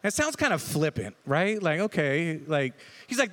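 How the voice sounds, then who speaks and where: His sermon is casual and chatty, delivered in a strikingly high voice and peppered with quick "right?" check-ins after his points. The sound echoes with a long reverb, like a big hall.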